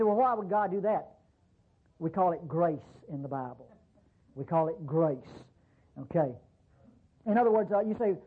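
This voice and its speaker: Husky guy preaching a sermon, folksy, lots of rhetorical questions, tinny phone-like sound. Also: high-pitched.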